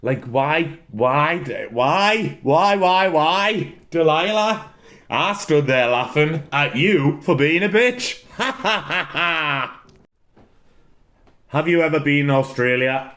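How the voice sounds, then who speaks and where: Man, casual solo chat, rambling and giggly, prone to loud laughing fits and swearing. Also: a little high, expressive, slow pace. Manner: rambling, repeats words for comic effect. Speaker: wrestler answering fan questions.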